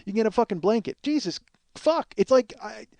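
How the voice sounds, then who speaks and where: A man's voice: high-pitched, rapid-fire, creaky, a little mellow, dry recording. A man hosting a podcast, telling a long comic story in a profane, ranting, self-mocking way. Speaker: podcast host. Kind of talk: solo comedic storytelling monologue.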